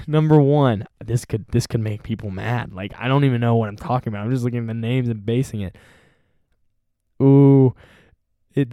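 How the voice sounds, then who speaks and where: A man's voice: mid-range voice, mellow, no room sound, studio quality. A young man hosting a casual solo podcast, rambling and self-deprecating as he chats. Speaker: podcast host.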